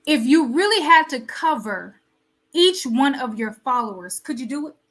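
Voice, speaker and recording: A woman with a high, bright voice hosts a live motivational talk. She preaches to her audience, firing off rhetorical questions and repeating her points for emphasis. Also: animated, moderate pace. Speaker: host of a wellness show.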